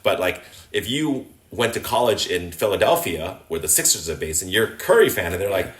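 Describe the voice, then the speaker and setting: Deep-voiced American man telling stories. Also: brisk, roomy sound. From Los Angeles, USA. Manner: animated, acts out fans' shouts, many fillers. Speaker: guest, sports host and entertainer. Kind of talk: casual interview storytelling.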